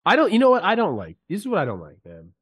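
A man's voice: high voice, wildly swooping pitch, rapid-fire, a bit bright, husky. A man who used to play pro ball, talking sports on a podcast in a heated, emphatic way while sick. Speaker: podcast co-host, former player. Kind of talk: casual sports talk. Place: podcast studio.

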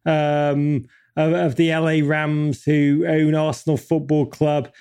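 A man's voice: on the high side, little pitch movement, slow pace, a little mellow, clear, resonant tone. A man speaking as an interview guest, emphatic and impassioned, building rhetorical lists and swearing casually. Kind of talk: passionate interview talk.

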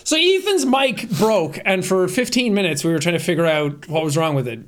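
A man's voice: sits high, lively intonation, a little fast. A young man co-hosting a podcast, trading crude jokes and laughing in casual chat. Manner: crude jokey banter, laughs a lot. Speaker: podcast co-host.

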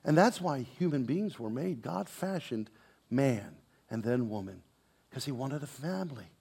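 A man preaching a sermon, swinging between loud proclamation and hushed, intense passages, with conversational asides and repeated words. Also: medium pitch, animated, a little slow, vocal fry, slightly rough. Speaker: pastor.

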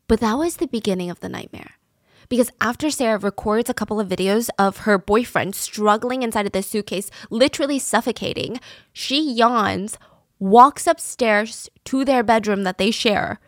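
A woman's voice: fairly high pitch, moderate pace, dry recording, studio quality. A young adult woman hosting a true crime podcast, telling the story in a chatty, conversational way with casual asides. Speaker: podcast host.

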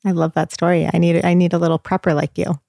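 Dry, low-voiced woman giving feeding advice. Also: fast talker, gravelly, no room sound. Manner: earnest, explanatory, animated. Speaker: child feeding expert guest. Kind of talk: casual advice chat.

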